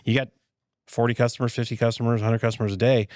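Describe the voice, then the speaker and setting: A man's voice: mid-range voice, quick pace, no room sound. Dry-miked man telling retail stories. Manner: animated storyteller, rhetorical "right?" asides. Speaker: podcast host and retail veteran. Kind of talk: casual podcast chat.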